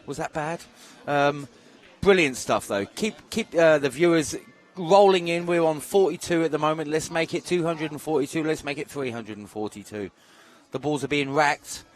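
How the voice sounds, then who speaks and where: A man calling a pool match live, full of jokes and easy banter with his co-host. His voice sits a little high for a man. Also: moderate pace. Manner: jokey, punning banter. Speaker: pool commentator. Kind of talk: live sports commentary.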